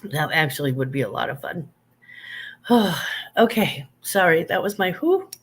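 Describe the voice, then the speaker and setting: A woman's voice: sits low, expressive, unhurried, slightly rough. An older woman hosts a casual livestream and talks to her viewers like friends over coffee. She laughs easily, trips over names, and keeps an easy chatty flow. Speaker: livestream host. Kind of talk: casual live chat.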